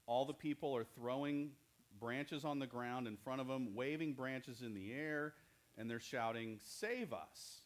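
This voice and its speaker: This children's church leader has a mid-range voice with a steady tone and an unhurried delivery. He turns the Bible lesson into play, cracking jokes and quizzing the kids as the story unfolds.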